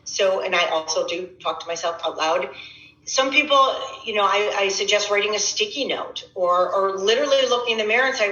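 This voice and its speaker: A woman's voice: mid-range voice, brisk, bright, forceful tone, reverberant, dull audio. A middle-aged woman fitness coach giving a casual motivational workshop talk, conversational and repetitive, often restarting her words.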